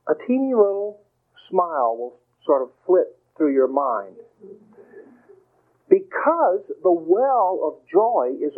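High-voiced man on tinny radio. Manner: folksy, reassuring, playful. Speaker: inspirational speaker. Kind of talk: gentle motivational talk. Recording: tinny phone-like radio broadcast.

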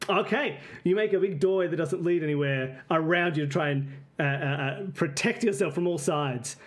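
Male game master with a rambling, halting narration style. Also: fairly high pitch.

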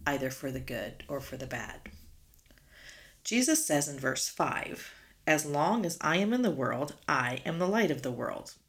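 A woman gives an earnest devotional Bible teaching and leans on rhetorical questions. Her voice sits low for a woman and carries a gravelly edge. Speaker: guest speaker.

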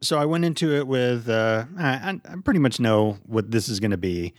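A man's voice: medium pitch, animated, a little fast, no room sound. A playful man hosting a casual podcast, given to jokes and acting out silly scenes. The sound is dry and close. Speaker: podcast host. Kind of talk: casual chat.

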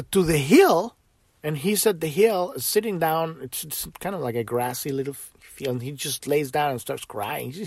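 A man's voice: on the high side, no room sound. A man hosting a casual spiritual podcast, rambling with many restarts, tagging sentences with "right?" and swearing freely. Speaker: podcast host.

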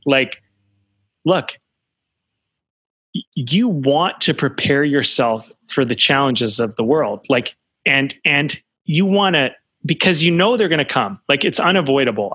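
A man talking in a relaxed podcast conversation, animated and full of fillers, acting out the voices of the people he quotes. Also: medium pitch, dry recording. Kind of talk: casual conversation.

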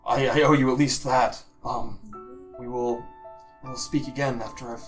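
A man's voice: medium pitch, little pitch movement, normal speed, faint music behind, close to an everyday voice. A man playing a bewildered, formal king meeting his lost daughter, in his own everyday voice. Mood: grave.

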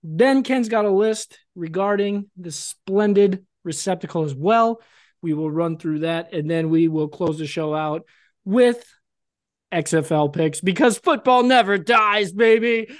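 A man's voice: high voice, animated, measured pace. A man co-hosting a casual podcast chat, rambling and joking and often laughing. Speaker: podcast co-host.

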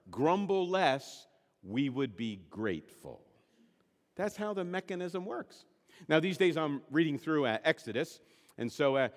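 A man's voice: high voice, in a large hall. A man preaching a sermon, stressing and repeating key words. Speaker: pastor.

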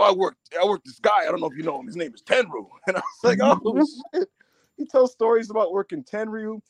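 Animated high-voiced male podcast host. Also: no room sound. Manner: animated, quotes people in quick bursts. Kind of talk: excited storytelling recap.

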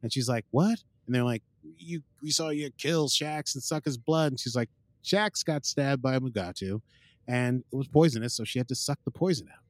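Brisk and mid-range, a male podcast host gives a loose, wandering recap of an episode in a dry, studio-quality recording. He keeps dropping "uh" and "like" and quotes the characters as he goes.

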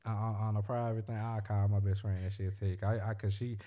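Mellow-voiced man, rambling slangy chat. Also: lowish voice, level tone, brisk. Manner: slangy, rambling, storytelling with repeated phrases. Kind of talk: casual chat.

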